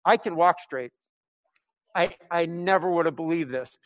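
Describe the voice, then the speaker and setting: A man's voice: on the high side, normal speed, no echo, lightly acted. A man playing a stunned, overjoyed villager who has just been healed. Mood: amazed.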